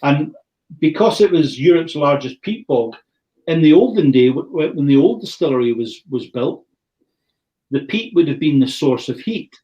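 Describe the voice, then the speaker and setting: A middle-aged man from Thurso in Caithness, in the far north of Scotland, presents an online whisky tasting with a Scottish accent, chatty and rambling and often restarting phrases. His voice is a little high, animated and dark-toned at a moderate pace, on dull audio.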